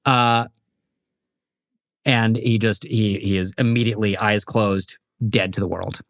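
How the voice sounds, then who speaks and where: A man narrating as game master of a tabletop game, relaxed and rambling, often laughing. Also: fairly low pitch, a little slow, no echo, studio quality.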